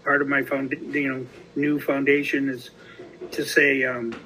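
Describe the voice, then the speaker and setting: A man's voice: medium pitch, flat delivery, measured pace, sharp tone, slight background noise, poor audio. A man hosting a casual recovery podcast, telling a story in rambling fashion with many restarts and fillers. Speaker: podcast host.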